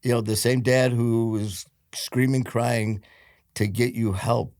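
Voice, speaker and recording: A man's voice: medium pitch, fairly even intonation, takes it slowly, darkish tone, no room sound, studio quality. A man hosting an interview podcast, telling a personal story in an emphatic, conversational way. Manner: storytelling, emphatic when retelling. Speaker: podcast host.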